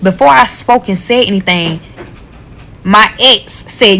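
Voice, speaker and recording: A woman telling a casual storytime, blunt and profane, animated as she retells what happened. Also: medium pitch, unhurried, gravelly, slight background noise, rough recording.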